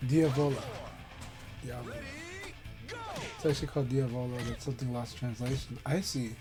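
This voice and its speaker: A man's voice: medium pitch, fairly even intonation, a little fast, music in the background. A man live-streaming a fighting game, chatting casually and encouragingly with viewers.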